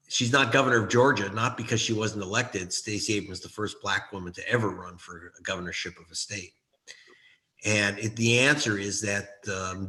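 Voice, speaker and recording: A man's voice: lowish voice, pushed and bright. A middle-aged man, an author and journalist, speaking as an interview guest in an impassioned, emphatic way that repeats key phrases.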